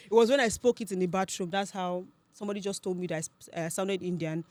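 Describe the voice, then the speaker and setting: A young Nigerian-accented woman talks quickly through lively stories as a podcast guest. She laughs often and slips into the voices of the people she quotes, at a middle pitch. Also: no echo. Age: young adult. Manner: animated storyteller, laughs often, acts out quoted speech. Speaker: guest, accent content creator. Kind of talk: casual podcast interview.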